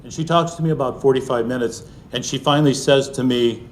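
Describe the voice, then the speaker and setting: A middle-aged man telling a personal story to an audience, earnest, and often sinking into a soft, hushed voice. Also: medium pitch, fairly quick, a little hiss or hum. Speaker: speaker sharing a personal story.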